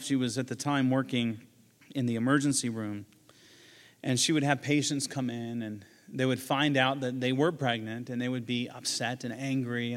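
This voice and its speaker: A man's voice: medium pitch, in a large hall. A man, a pastor, preaching a sermon in a conversational way, with joking asides and quoted lines he acts out.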